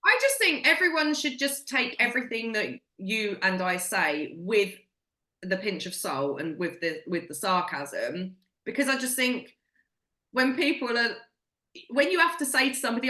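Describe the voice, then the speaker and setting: A woman's voice: on the high side, expressive, normal speed, sharp tone, echoey room. A woman co-hosting a podcast in casual chat, blunt and swearing freely as she tells stories. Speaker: podcast co-host.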